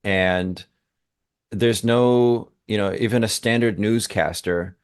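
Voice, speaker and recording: A man's voice: on the low side, slow pace, clear, resonant tone. A man co-hosting a podcast, talking in an emphatic, engaged way and thinking aloud as he goes. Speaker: co-host, language teacher. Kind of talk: conversational podcast discussion.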